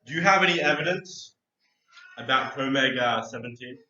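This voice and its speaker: A young man voicing a gloomy male caller who speaks in a low, mumbling put-on voice, recorded from a distance on a poor microphone in an echoey room. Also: normal speed, bright, forceful tone, lo-fi sound. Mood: grumbling.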